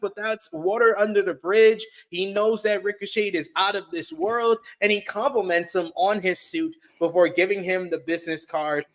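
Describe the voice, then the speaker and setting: A man co-hosting a wrestling review, recapping events calmly, defending his opinions and reading out chat comments. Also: high-pitched. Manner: calm, defends his view, laughs, reads chat comments. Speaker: co-host. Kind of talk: casual podcast recap.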